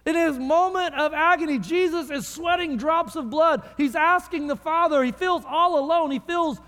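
A man preaching a sermon in a church, telling the story dramatically and dropping from loud to hushed. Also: extremely high pitch, moderate pace. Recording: long reverb of a large hall.

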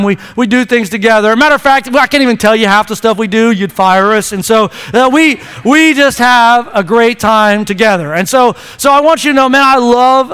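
High-voiced pastor in an echoing sanctuary. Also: male voice, pushed and bright, smooth. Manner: chatty, playful, repeats words when starting sentences. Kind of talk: sermon. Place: church sanctuary. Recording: long hall reverb.

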